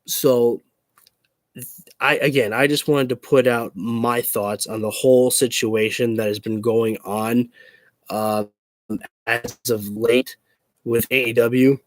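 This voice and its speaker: A man's voice: mid-range voice, fairly even intonation, takes it slowly, pauses often, dry recording. A man in a casual opinion rant to camera as a wrestling YouTuber, frustrated, swearing and repeating himself.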